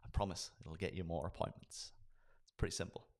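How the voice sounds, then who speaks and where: A man with a notably deep voice teaches sales staff how to book meetings. He talks with energy and slips into acted role-plays of client conversations. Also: brisk, whispered. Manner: energetic, acts out sales dialogues. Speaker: sales trainer. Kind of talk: instructional talk with acted role-play.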